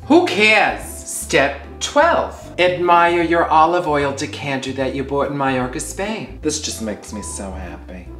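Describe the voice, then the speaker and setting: A man's voice: mid-range voice, a little slow, hardly any pauses, a bit bright, reverberant, faint music behind. A man hosting a comedic tea-making demonstration in his home kitchen, campy and theatrical, with exasperated swearing asides. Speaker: comedy host.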